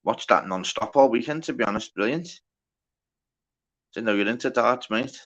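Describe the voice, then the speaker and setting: A man's voice: mid-range voice, expressive, normal speed, a bit bright, muffled recording. A man hosting a casual livestream, reading out the chat, greeting viewers by name and bantering with plenty of swearing. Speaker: livestream host.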